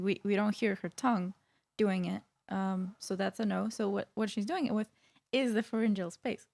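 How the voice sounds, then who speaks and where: A woman's voice: medium pitch, creaky. A woman vocal coach explaining singing technique in a casual reaction video, with frequent fillers and restarts.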